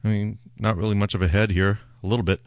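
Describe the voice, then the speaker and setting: A man's voice: on the low side, flat delivery, quick pace, no room sound, lo-fi sound. A man hosting his own beer show, talking casually in a rambling, wry, self-mocking way as he tastes a beer. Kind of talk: casual solo beer-tasting talk.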